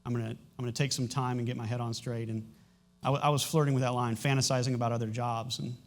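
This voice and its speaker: With little pitch movement in his ordinary middle-range voice, a middle-aged pastor addresses the congregation in a church sanctuary. His announcements and testimony come out candid and faltering, with restarted sentences as he visibly struggles against his emotions.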